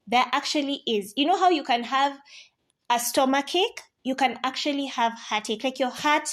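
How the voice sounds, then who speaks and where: A woman talks to camera about life lessons. Her voice sits on the high side, lively and playful, then drops soft and quiet when she turns serious. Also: moderate pace. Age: 30s. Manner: animated, playful asides, drops to soft tones on serious points. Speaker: vlogger. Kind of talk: casual life-advice talk to camera.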